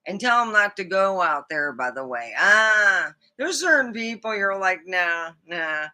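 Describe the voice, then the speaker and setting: A woman hosting her own live stream from a small studio, swapping stories in a loose, chatty way. She talks bluntly and curses freely, with an animated delivery. Her voice has a bright, sharp edge. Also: medium pitch, a little slow. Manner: salty, blunt, profane, animated. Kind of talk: casual storytelling monologue.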